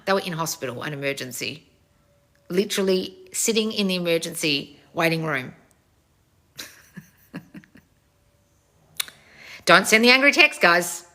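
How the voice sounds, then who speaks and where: A woman's voice: on the low side, lively intonation, normal speed, pauses often, sharp tone. A woman hosting a casual live Q&A as a coach, reading out viewer comments and answering them bluntly, swearing often and calling people darling.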